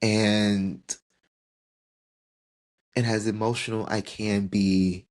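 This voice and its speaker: A man's voice: on the low side, level tone, extremely slow. A man in his twenties hosting a podcast, talking heartfelt and tearful about turning another year older. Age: 20s. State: tearing up. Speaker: podcast host. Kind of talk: emotional personal reflection.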